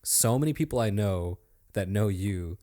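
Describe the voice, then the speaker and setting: A man's voice: fairly low pitch, animated, normal speed, warm tone. A man appearing as a podcast guest, talking in an enthusiastic, chatty and complimentary way. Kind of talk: casual podcast conversation.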